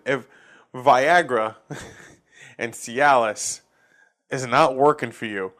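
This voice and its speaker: A man from Massachusetts riffs through his own comedy podcast, swearing freely and cracking himself up as he goes. His voice is clean and resonant, sitting at an ordinary middle pitch. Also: fairly even intonation, slow, pauses often, pushed and bright, smooth. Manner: profane, ranting, laughs at own jokes. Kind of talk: casual comedic rant. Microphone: facing a camera.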